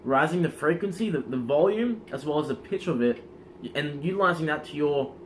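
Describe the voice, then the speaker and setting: A man coaching in casual instructional talk, energetic and demonstrative, often checking in with the listener. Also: on the high side, fairly quick, slight background noise. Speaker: self-improvement coach.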